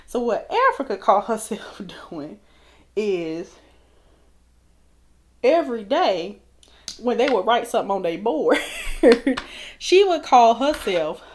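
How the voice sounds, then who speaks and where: A woman's voice: fairly high pitch, lively intonation, slow pace, long pauses. A woman in her thirties telling a storytime while doing her makeup, chatty and laughing often. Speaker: vlogger.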